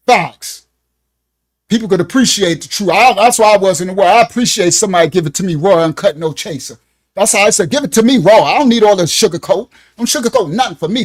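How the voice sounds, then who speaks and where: A man teaching an informal Bible lesson for his ministry, blunt and slangy, with an animated, riffing delivery. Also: high-pitched. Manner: slangy, blunt, streetwise preaching.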